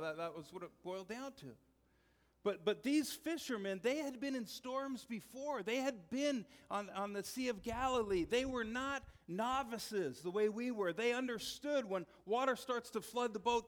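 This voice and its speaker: A male pastor with a high-pitched voice delivers a sermon in a relaxed, storytelling way. He often softens into quiet, earnest tones to drive a point home. The voice carries a long reverb from a large hall.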